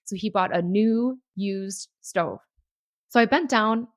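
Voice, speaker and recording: A woman hosting her own podcast, chatting excitedly and reading tarot passages aloud. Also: mid-range voice, takes it slowly, no echo, clean studio sound. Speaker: podcast host. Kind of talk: casual solo podcast talk.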